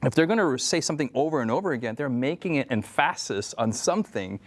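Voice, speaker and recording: A man co-hosting a casual religious discussion, speaking thoughtfully with frequent pauses and fillers. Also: mid-range voice, animated. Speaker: co-host and senior editor.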